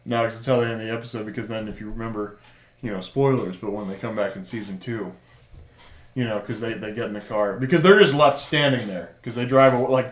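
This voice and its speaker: A man co-hosting a podcast, recapping a TV series in loose casual chat full of fillers and quick laughs. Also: mid-range voice. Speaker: podcast co-host. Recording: roomy echo.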